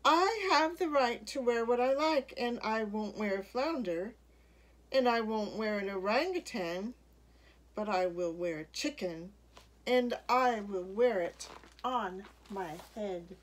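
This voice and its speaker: A woman's voice: medium pitch, moderate pace, natural voice, rough recording. A woman reading aloud plays a stubborn woman who firmly defends her right to wear what she likes. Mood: defiant. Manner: firm and determined. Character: stubborn, firm woman in a chicken hat.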